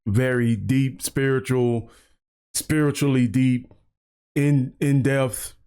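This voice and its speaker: A man's voice: medium pitch, flat delivery, takes it slowly, mellow, clear, resonant tone. An American man hosting a reaction video, musing aloud in casual commentary. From United States.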